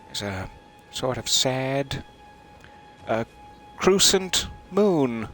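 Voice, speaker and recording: Guy doing a laid back let's play, slow wry jokes to chat, mutters under his breath sometimes. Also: mid-range voice, very animated, a bit bright, faint music behind. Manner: wry, joking asides to viewers. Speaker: streamer playing a video game. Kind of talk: casual let's-play commentary.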